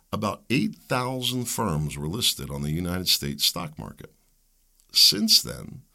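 A man's voice: sits low, gravelly, sharp tone. A middle-aged man hosting a solo talk show, rambling, joking and opinionated in a conversational way. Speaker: podcast host.

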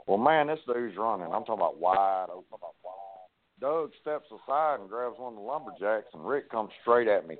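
A man, a wrestling guest telling profane, animated stories and acting out the dialogue. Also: on the low side, moderate pace, dry recording. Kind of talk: casual storytelling on a podcast. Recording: tinny phone-like line.

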